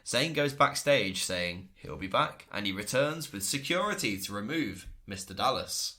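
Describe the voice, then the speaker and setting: Male co-host, casual recap, bright tone, lively pitch, quick to laugh. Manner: enthusiastic, laughs often. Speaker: podcast co-host.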